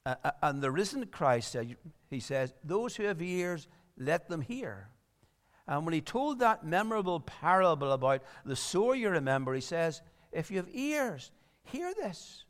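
A man's voice: a little high, expressive, moderate pace, big-room sound. A man preaching a sermon, earnest and rising to emphatic appeals.

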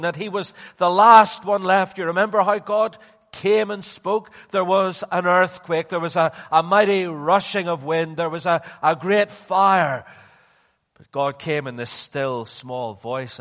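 Male preacher, high-pitched, deliberate slow delivery with hushed lows, long hall reverb. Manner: slow and emphatic, dropping to near-hushed tones then rising. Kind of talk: sermon.

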